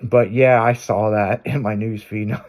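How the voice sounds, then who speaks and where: A man's voice: lowish voice, steady tone, moderate pace, darkish tone. A man hosting a radio show, telling stories in casual banter with crude language and frequent laughter.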